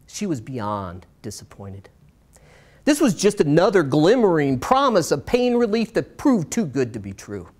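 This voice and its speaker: A middle-aged man performs a personal story for a live audience. His delivery swings between brighter, lifted passages and quiet, slowed moments. He leans on dramatic pauses. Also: on the high side, huge pitch swings. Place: stage in a small performance space.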